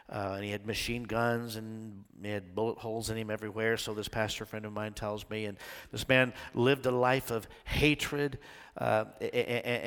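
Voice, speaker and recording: A man preaching a sermon, telling a story and rising from quiet talk to loud outbursts. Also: medium pitch. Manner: storytelling preacher, swells from soft to shouting. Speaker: pastor. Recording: long church hall reverb.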